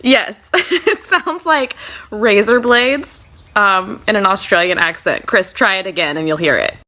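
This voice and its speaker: A playful American woman with a bright, forceful voice leads a light game segment on a casual podcast. She teases the others and laughs easily as she talks. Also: mid-range voice, lively intonation, normal speed. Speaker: co-host running a game segment.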